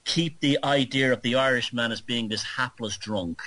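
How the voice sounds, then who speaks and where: A man interviewing on talk radio, speaking in animated, critical, long run-on stretches. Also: mid-range voice, moderate pace, dry recording, rough recording.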